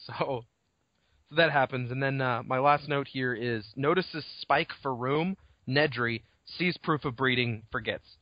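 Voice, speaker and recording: A man's voice: mid-range voice, measured pace, dry recording. A man co-hosting a podcast, casually recapping a novel chapter with lots of swearing and acted-out lines. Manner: rambling recap, swearing, acts out characters' lines. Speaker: podcast co-host. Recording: dull lo-fi home recording.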